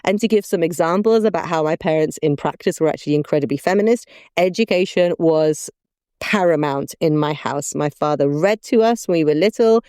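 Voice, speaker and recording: A woman co-hosting a podcast, telling animated stories and laughing often. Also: sits low, brisk, clean tone, no room sound, studio quality. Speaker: podcast co-host. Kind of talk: casual conversational chat.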